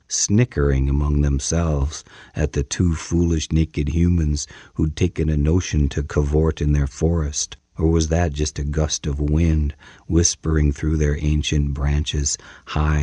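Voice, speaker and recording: A man narrating a first-person story as an audiobook, measured and dramatic. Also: very deep voice, warm tone, breathy edge, dry recording.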